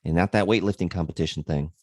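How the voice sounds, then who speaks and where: A man's voice: low-pitched, fast talker, darkish tone, no room sound, studio quality. A man hosting a fitness livestream, telling a rambling story in a casual way and swearing freely.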